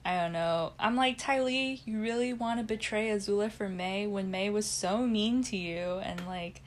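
A young woman co-hosts a casual podcast chat. She laughs easily and slips into quick impressions of the characters as she talks. Her voice sits at an ordinary middle pitch for a woman. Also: a little hiss or hum. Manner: chatty, laughs often, acts out quotes. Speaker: podcast co-host.

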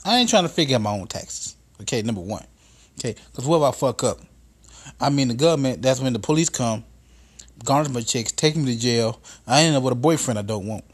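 Man, podcast host, profane comic storytelling, casual monologue, mid-pitched voice. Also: expressive, fairly quick, slightly rough. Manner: profane, storytelling, rising into exasperated rants.

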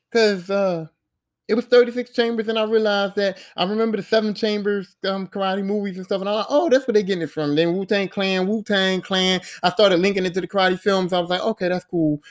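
A man's voice: very high voice, moderate pace. A man in his forties hosting a podcast, telling a casual story with lots of swearing and bursts of rapped lyrics. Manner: animated, rapping lyrics and swearing freely. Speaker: podcast host.

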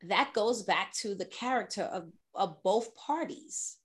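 A woman in her fifties telling a story in a casual chat, animated and laughing as she talks. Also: mid-range voice, measured pace. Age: 50s.

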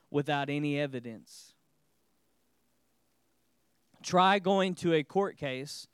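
A man's voice: on the high side, clean tone, dry recording, clean studio sound. A man preaching a sermon as pastor, calling on the congregation to repeat phrases and restating his key lines.

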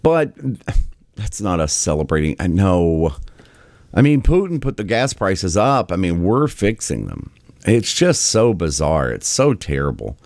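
Male host, deep voice, lively swings, sarcastic riffing, dry close mic. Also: unhurried, no echo. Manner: sarcastic, exasperated, mocking. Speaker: political commentary host. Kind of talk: casual commentary over clips.

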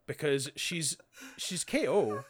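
A man's voice: a little high, very animated, husky. A man, recapping a show as a podcast co-host in casual chat and acting out the characters' lines with sarcasm. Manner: sarcastic, acts out characters' lines in quick voices.

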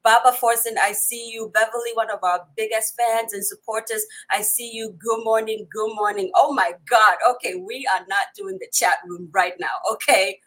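A woman's voice: fairly high pitch, fairly even intonation, moderate pace, few pauses, a bit bright, rough recording. A woman hosting a live online talk show, energetically greeting viewers in many languages and laughing often. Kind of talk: lively live-stream greeting and chat.

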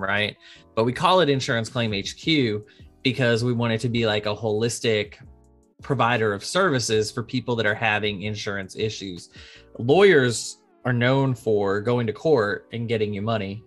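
Animated lawyer man telling stories. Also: on the low side. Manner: animated storyteller, acts out quoted dialogue. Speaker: insurance attorney guest. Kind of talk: casual podcast interview.

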